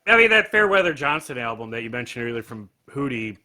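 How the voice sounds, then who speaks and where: Man, thirties, podcaster guest, bright forceful voice, opinionated, laughs a lot, casual chat. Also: mid-range voice, very animated, fast. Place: his home bar.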